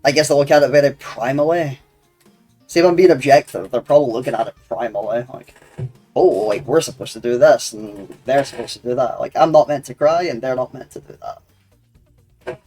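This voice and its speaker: A man's voice: medium pitch, moderate pace, a little mellow. A young man, streaming a game and bantering crudely with his chat, rambling and laughing often. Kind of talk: casual gaming stream chat. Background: faint game music.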